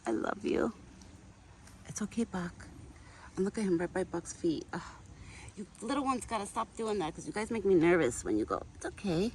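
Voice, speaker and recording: A woman's voice: mid-range voice, animated, a little fast, a little mellow, a little hiss or hum. A woman vlogging outdoors in a yard, chatting casually and baby-talking to a deer she feeds. She grew up speaking Italian. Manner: coos and baby-talks to the animals. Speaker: vlogger feeding a wild deer. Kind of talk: casual outdoor vlog chat.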